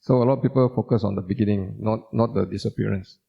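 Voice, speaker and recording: Speaking fast in a fairly low, gravelly and slightly rough voice, this man keeps a steady tone as he gives a casual Buddhist talk as a doctor. Repetition drives home his points, and he questions the audience; the audio is dull lo-fi.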